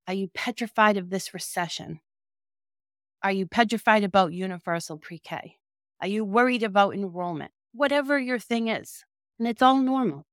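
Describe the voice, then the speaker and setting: A woman's voice: medium pitch, fairly bright tone, no echo, studio quality. A woman coaching child care directors in a direct, encouraging and emphatic way. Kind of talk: motivational talk to camera.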